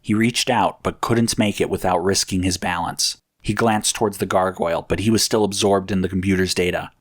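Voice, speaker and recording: A man narrates a story with a measured, even delivery. His voice sits a little low and he keeps a steady storytelling pace. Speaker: audiobook narrator.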